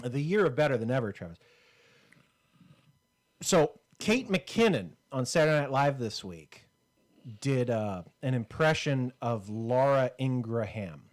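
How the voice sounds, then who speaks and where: A man's voice: medium pitch, lively intonation, a little slow. A man co-hosting a comedy podcast, rambling and joking in casual banter. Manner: rambling, joking, with frequent fillers. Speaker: podcast co-host.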